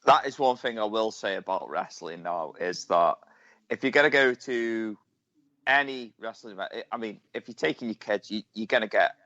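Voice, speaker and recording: A man hosts an interview in a blunt, offhand way. His voice is mid-pitched, and it is recorded dry with dull, lo-fi sound. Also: moderate pace, pushed and bright, no room sound. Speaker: interview host. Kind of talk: casual interview chat.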